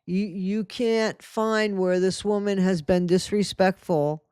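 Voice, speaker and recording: A man's voice: sits high, steady tone, slow, darkish tone, clean tone, no room sound, clean studio sound. A man hosting a commentary channel, reacting indignantly and scolding the people he addresses.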